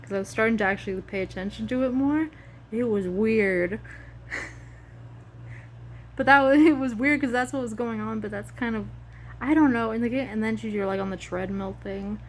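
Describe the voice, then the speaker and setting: A woman's voice: on the high side, moderate pace, long pauses, slight background noise. A woman vlogger chatting casually and emotionally about a video game, rambling with many fillers. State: tearful at times.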